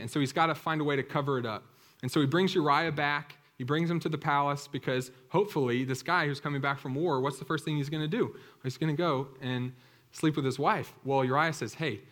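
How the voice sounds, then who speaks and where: A man delivering a sermon in a relaxed, conversational tone. He retells scripture as a lively story and keeps his voice at a middle pitch. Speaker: preacher.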